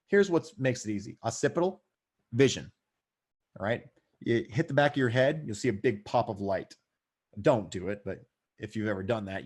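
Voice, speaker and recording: Male paramedic instructor, medium-pitched, talks through a recorded lecture in a casual conversational way with dry jokes. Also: a little mellow. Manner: conversational, dry asides, checks in with "right?".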